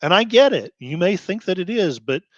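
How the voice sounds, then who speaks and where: A man on a dull, dry recording, delivering an emotional commentary rant. He swings between quiet, sighing stretches and quick, heated bursts. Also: high voice, very animated, dry recording. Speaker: blogger host.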